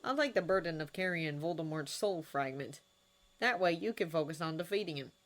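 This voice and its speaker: A woman voicing a kind, wry adult man who is a doctor and mentor, speaking earnestly and with gentle teasing. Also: deep voice, lively intonation, fairly quick.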